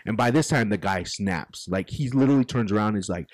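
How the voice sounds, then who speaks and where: A man's voice: fairly low pitch, fast talker, few pauses, no echo. Man telling a story in a dry studio. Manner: animated, profane, acts out quotes. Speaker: podcast co-host. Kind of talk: casual storytelling. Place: recording studio.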